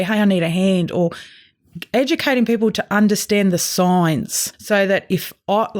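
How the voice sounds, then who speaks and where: A woman's voice: mid-range voice, darkish tone. An Australian woman, an irrigation farmer, talking openly and emotionally in a casual interview. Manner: open, emotional, chatty storytelling.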